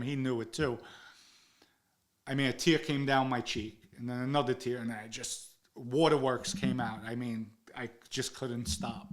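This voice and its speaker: A man of middle pitch tells a story in the first person, blunt and full of swearing. He acts out confrontations with a rising voice, then drops low and quiet over the painful parts. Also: level tone, measured pace. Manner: vivid and blunt, swearing, reenacting heated exchanges; sinks into a low, subdued tone when recounting emotional moments. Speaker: interview guest recounting his past.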